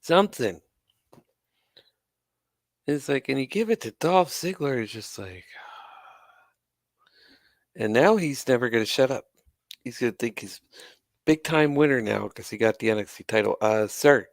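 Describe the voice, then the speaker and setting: A man's voice: mid-range voice, no echo, clean studio sound. A man hosting his own channel, ranting with sarcasm and exasperation and swearing now and then. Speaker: wrestling commentary channel host. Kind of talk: ranting commentary to camera.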